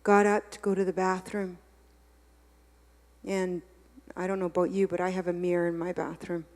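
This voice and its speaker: A woman giving a confessional sermon, dropping to a hush and rising to loud preaching. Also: lowish voice, big-room sound. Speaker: guest speaker. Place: church hall.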